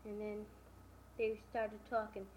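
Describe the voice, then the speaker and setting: A woman's voice: medium pitch, completely flat delivery, slow, a little mellow. A woman casually retelling the plot of a novel, stringing events together with "and then" and "you know". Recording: dull lo-fi recording with faint hiss.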